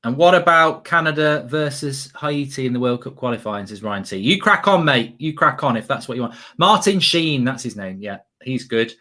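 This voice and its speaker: A man's voice: medium pitch, expressive, normal speed, few pauses, pushed and bright. A man hosting a casual football watchalong, chatty and jokey, rambling and reading out live chat comments. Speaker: host.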